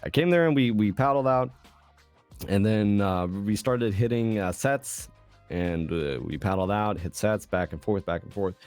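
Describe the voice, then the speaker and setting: A relaxed young man from Sweden with a lowish voice, spinning a story in easygoing, swear-filled podcast chat. Faint music plays softly behind him. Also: a little slow. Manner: laid-back storyteller, loose and profane. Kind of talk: casual chat.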